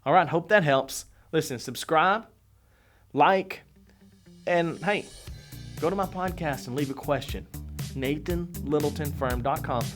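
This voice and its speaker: A man's voice: a little high, unhurried, long pauses, faint music behind. Earnest male motivational coach. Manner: earnest, conversational, repeats phrases for emphasis. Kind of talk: motivational monologue to camera.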